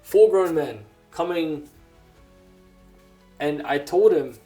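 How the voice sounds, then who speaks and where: A grown man preaching a personal testimony sermon, earnest and halting, with many restarts. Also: a little high, warm tone, faint music behind. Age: adult.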